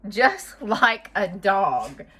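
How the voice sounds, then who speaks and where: A sketchy pet salesman talking up strange animals as if they were dogs, as a woman reads him aloud. Bright, slow and swooping in pitch, with a coaxing sales pitch. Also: sing-song, breathy edge, heavily acted. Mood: salesy. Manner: persuasive, salesy. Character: shifty male pet seller pushing odd animals.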